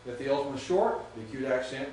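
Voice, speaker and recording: This man, a Greek teacher, lectures with patience and frequently confirms that students understand. His fast, mid-range voice sounds a little mellow, picked up from afar in an echoey room with faint hiss or hum.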